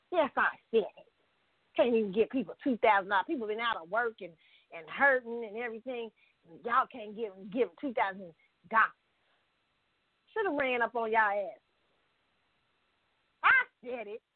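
A woman rants heatedly in a vlog, swearing often and breaking into laughs between her points. Her voice sits a little high. The sound is dry and thin, as if it came through a phone. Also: no room sound, narrow, tinny audio. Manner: blunt, heated, swearing freely, with frequent laughs. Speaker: vlogger. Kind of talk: profane political rant.

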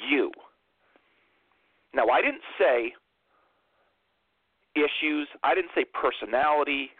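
A man hosts a political talk radio show, lecturing emphatically and repeating phrases for impact. His voice is mid-range, and the sound is dry and narrow, like a phone line.

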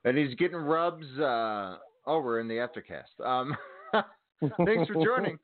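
On a sports radio show, a male co-host talks wrestling casually in a fairly high, animated voice at a measured pace. He rambles with plenty of ums, uhs, and restarts, and the sound is tinny, like a phone line.

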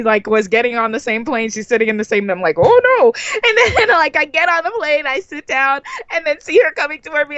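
A woman guest in a casual podcast interview, telling a story and acting out her own reactions with big, excited jumps in her voice. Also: on the high side, no room sound, lo-fi sound.

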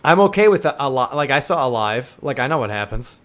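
A man's voice: mid-range voice, sing-song, quick pace, fairly bright tone. A man hosting a casual podcast chat, joking and rambling with lots of fillers. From Milwaukee. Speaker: podcast host.

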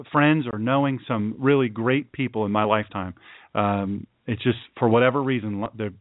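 A man's voice: mid-range voice, dry recording. A man hosts a radio show, talking in an earnest, folksy and preachy way and hammering his points with repeated phrases. His voice comes through a thin, phone-like line with no room sound around it. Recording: dry, tinny phone-like sound.

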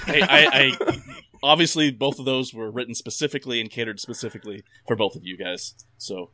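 A man's voice: medium pitch, fairly quick, pushed and bright, no room sound. A man hosting a casual comedy podcast, with dry, mock-grand introductions and jokey banter. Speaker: podcast host.

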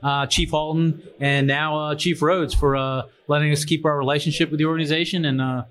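Bright-voiced joking man hosting a panel. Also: a little high, steady tone, a little fast. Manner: joking, rambling with fillers and restarts. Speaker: host, fire service instructor. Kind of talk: casual panel chat on a livestream. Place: trade conference venue.

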